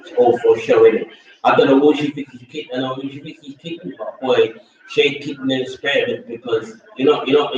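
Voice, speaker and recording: A man's voice: mid-range voice, very echoey, slight background noise. Opinionated male vlogger, rambling and blunt; distant, dull lo-fi sound. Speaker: vlogger reviewing a reality show. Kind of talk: casual opinionated chat.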